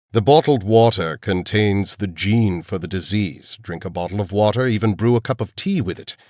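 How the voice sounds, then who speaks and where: A chilling old villain doctor, calm and unhurried, with a low, even menace, as an audiobook narrator puts him on. The voice sits deep and the recording is dry and close. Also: male voice, dry recording, natural voice. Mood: cold. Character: cold elderly male villain scientist.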